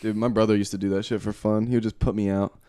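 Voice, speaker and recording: A man's voice: on the low side, little pitch movement, fast, dark tone, no echo, clean studio sound. A young man co-hosting a podcast from a basement, telling rambling, profane stories in casual chat. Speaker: podcast co-host. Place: unfinished basement.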